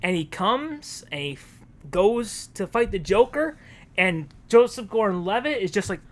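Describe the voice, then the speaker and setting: A man's voice: sits high, sing-song, a little slow. A man co-hosting a podcast, casually retelling a story he wrote and acting out the characters' lines. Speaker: podcast co-host.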